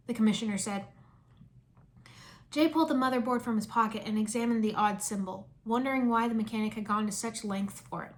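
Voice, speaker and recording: A woman reading a fan fiction story aloud in a lively storytelling manner. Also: a little high, a little fast.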